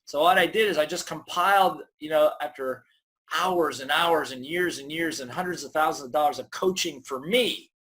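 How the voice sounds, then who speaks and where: This is a middle-aged man with a fairly high voice, speaking as a guest author in a conversational interview. He tells stories with energy and acts out the voices people hear in their heads. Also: normal speed, fairly bright tone.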